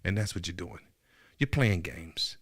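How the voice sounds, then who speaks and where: A man's voice: sits low, expressive, unhurried, a bit bright, no room sound, clean studio sound. A man hosting a podcast, delivering a heated, profane political monologue that keeps building, with emphatic repeats. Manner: repetitive, emphatic. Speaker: podcast host.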